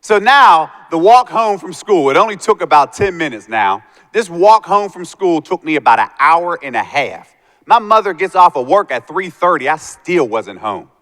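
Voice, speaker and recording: A man's voice: on the high side, very animated, normal speed, fairly bright tone. A man giving a motivational talk to students, telling his life story and acting out the voices of the people in it. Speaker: motivational speaker. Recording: long hall reverb.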